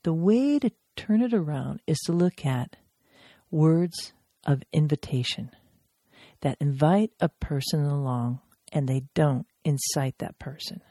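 A woman teaching crisis intervention in a podcast episode, speaking emphatically. Her voice sits a little low and sounds warm and relaxed. She is recorded close and dry, with no room sound. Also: unhurried, no echo. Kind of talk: instructional podcast talk.

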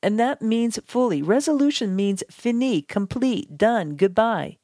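A woman's voice: fairly high pitch, lively intonation, a little slow, dark tone, no room sound, clean studio sound. A woman teaching conflict management in a playful, chatty way, speaking straight to the listener. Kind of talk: instructional audiobook narration.

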